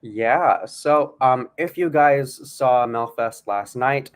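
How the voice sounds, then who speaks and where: A man's voice: mid-range voice, takes it slowly. Upbeat man co-hosting a livestream. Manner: upbeat, playful, laughs often. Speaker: livestream co-host. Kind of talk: casual livestream chat.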